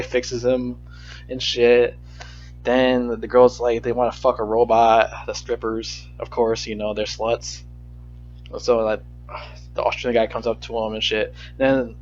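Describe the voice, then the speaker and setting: A man rambles through a frustrated, profanity-laden movie rant at a middling pitch. The audio is slightly dull and lo-fi, with faint music playing underneath. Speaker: movie reviewer. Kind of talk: casual rant review.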